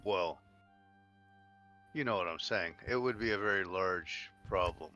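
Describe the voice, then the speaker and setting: A man's voice: deep voice, unhurried, bright, forceful tone, muffled recording, soft background music. A man playing in a tabletop game, joking around with emphatic, swear-heavy banter. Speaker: player.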